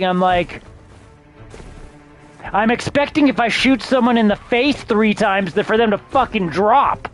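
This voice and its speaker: Streamer guy, high voice, swears constantly, frustrated rant into a desk mic. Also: unhurried, faint music behind. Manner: profane, exasperated ranting. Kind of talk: casual game-stream rant.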